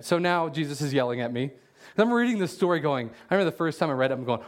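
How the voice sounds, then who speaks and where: A man preaching a casual sermon as a pastor, telling jokey stories with loud animated bursts and reading scripture slowly aloud. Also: fairly high pitch.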